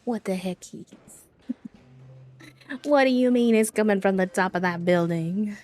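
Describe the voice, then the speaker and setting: A woman's voice: medium pitch, slow pace, darkish tone, faint music behind. A woman streaming a game live, chatting casually and laughing often as she plays.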